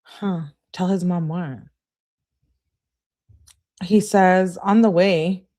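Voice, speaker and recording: A woman's voice: fairly low pitch, fairly even intonation, extremely slow, dark tone. A woman hosting a true crime channel, reading text messages aloud and adding emphatic, exasperated asides.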